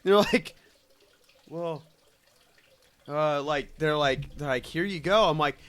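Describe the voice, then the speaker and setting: A man's voice: a little high, slow pace. A man hosting a podcast, telling stories in casual chat and swearing freely. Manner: swears freely, animated storytelling. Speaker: podcast host.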